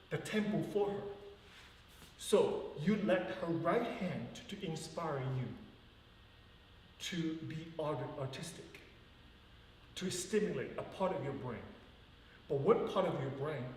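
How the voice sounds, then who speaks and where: Heard from far off across a large dance studio with a long reverb, a male ballet teacher leads a live class, earnestly counting out rhythms. His voice is on the high side, and there's a little hiss or hum.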